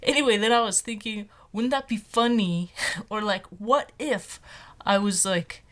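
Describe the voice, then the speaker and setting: Transgender man, light-hearted halting vlog musings. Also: high-pitched, fairly bright tone. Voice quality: voice in a typical female range, not on hormones. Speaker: vlogger. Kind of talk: casual vlog monologue.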